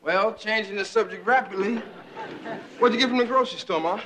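A man's voice: high-pitched, a little fast, bright, forceful tone. A young man playing a skinny, boastful teenage son in a sitcom family, wisecracking and brash. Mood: joking. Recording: noisy old television recording.

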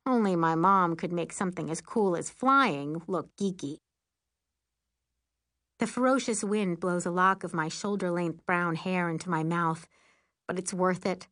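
A woman narrating a first-person audiobook in a lively, wry, expressive way. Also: fairly low pitch, unhurried, no room sound, studio quality.

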